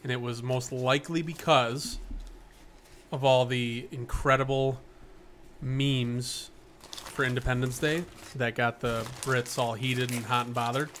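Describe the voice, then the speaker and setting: A man's voice: medium pitch, fairly bright tone, slight background noise. A man hosting a podcast in casual chat, joking and swearing freely. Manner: joking and profane. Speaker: podcast host.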